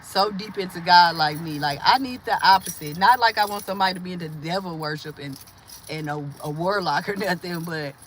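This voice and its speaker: A woman's voice: medium pitch, fairly bright tone. A woman from Milwaukee hosting a casual livestream, rambling through stories and viewer comments, laughing often and acting out the voices she quotes. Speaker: livestream host.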